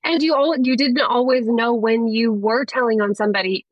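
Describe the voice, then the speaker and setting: Woman podcast cohost, kinda high voice, agreeing and adding stuff, dry mic. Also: fairly even intonation, moderate pace, no echo, rough recording. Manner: agreeing, short backchannels, adds points. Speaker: podcast co-host. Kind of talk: casual chat.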